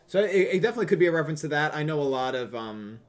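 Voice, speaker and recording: A man's voice: fairly high pitch, lively intonation, racing. A man co-hosting a podcast, reading out viewer donations in an easygoing, casual way. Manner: reads donations aloud, easygoing, hesitant fillers. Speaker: podcast co-host.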